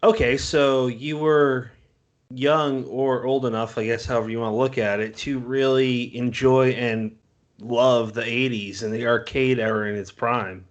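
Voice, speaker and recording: A man's voice: medium pitch, fairly even intonation, a little slow, dull audio. A man in his thirties from Massachusetts, hosting a podcast and asking loose, rambling questions with self-corrections. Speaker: podcast host. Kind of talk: casual interview chat.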